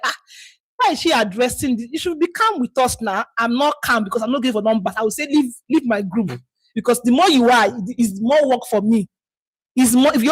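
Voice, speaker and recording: Nigerian woman, high husky voice, blunt and scolding, dry close mic. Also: dry recording, low-quality recording. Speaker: online community leader. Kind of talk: live call talk to members.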